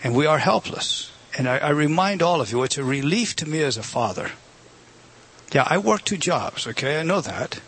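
A male pastor delivers a sermon with a husky, somewhat raised voice. He is earnest and emphatic, repeating phrases and speaking directly to his listeners. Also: fairly high pitch, animated, moderate pace, fairly bright tone. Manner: earnest, emphatic, repeats words, talks to the congregation.

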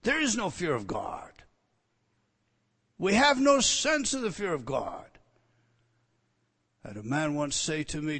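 Impassioned preacher with a high, ringing voice. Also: male voice, very animated, measured pace, pauses often, slightly rough, long reverb tail. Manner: swings from loud emphatic declarations to hushed, intense near-whispers; direct address to listeners, rhetorical questions. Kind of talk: expository sermon.

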